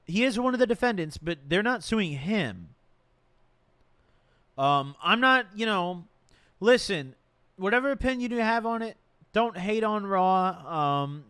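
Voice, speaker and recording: Animated male streamer, lively pitch. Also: dry recording. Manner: rambling, repeats himself, slangy; reads a legal document aloud and reacts. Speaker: live streamer. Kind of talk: casual stream commentary.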